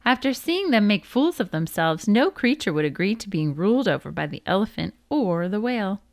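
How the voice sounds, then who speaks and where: A woman narrating a folk tale as a storybook read-aloud, with a lively, expressive delivery. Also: medium pitch, fairly quick.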